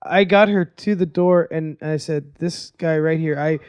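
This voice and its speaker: A high-pitched man talks in a dry, close recording with no room echo. He chats casually on a podcast, explaining himself hesitantly and defensively. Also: steady tone, a little slow, a little mellow, clear, resonant tone. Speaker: podcast co-host.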